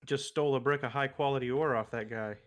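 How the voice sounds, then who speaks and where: A man streaming an online game, chatting casually and telling a long joke with many pauses and fillers. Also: mid-range voice, fairly even intonation. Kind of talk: casual gaming chat.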